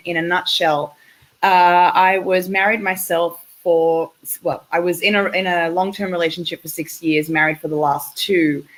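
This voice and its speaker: Australian woman, 30s, relationship coach, low-pitched, effusive, video call. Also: poor audio. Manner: warm, chatty, effusive. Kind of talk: casual interview over a call.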